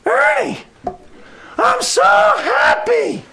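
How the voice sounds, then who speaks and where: A man voicing a joyful very old man who exclaims with delight in a high voice. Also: very animated, drawn-out words, gravelly, bright, forceful tone, shouting, some chatter behind, full character voice. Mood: overjoyed.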